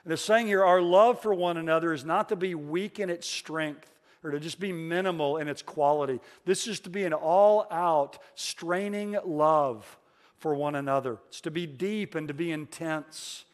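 Male pastor, sermon delivery, earnest and repetitive for emphasis, light humor, slightly higher voice. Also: normal speed, big-room sound.

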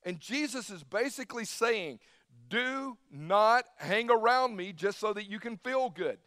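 High-voiced man preaching. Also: animated, unhurried, fairly bright tone, no echo, clean studio sound. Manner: emphatic preaching, acting out Jesus's words with casual slang. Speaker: pastor. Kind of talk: sermon.

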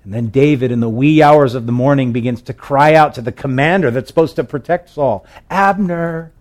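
Male pastor, mid-pitched, preaches like he's telling a story, loose and chatty with restarts. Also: fairly quick, a little mellow. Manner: conversational storytelling with fillers and restarts. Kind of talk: sermon.

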